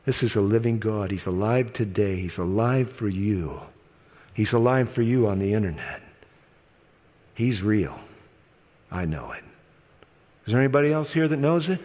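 Impassioned preacher in a reverberant auditorium. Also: male voice, on the low side, animated, moderate pace, pauses often. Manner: impassioned, appealing, swings between loud storytelling and hushed pleas. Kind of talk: evangelistic sermon. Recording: long hall reverb.

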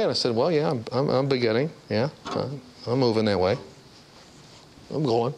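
A man's voice: normal speed, slight background noise. A man preaching a storytelling sermon, acting out the voices of the people in his stories. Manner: animated storyteller, acts out voices with big pitch jumps.

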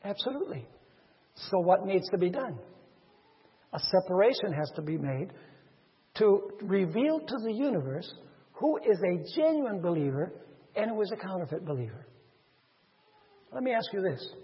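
A man preaching a sermon, acting out the figures of a parable with sudden swings between loud and soft. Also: high voice, sing-song, moderate pace, pauses often, husky. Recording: dull reverberant hall sound.

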